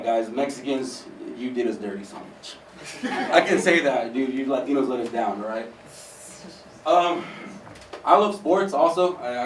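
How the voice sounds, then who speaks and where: A man's voice: mid-range voice, slight background noise. A man in his twenties doing open-mic stand-up in a small theater, talking in a loose, profane, conversational way and saying "dude" often. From United States. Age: 20s. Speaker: stand-up comedian. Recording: roomy, distant mic with faint ambience.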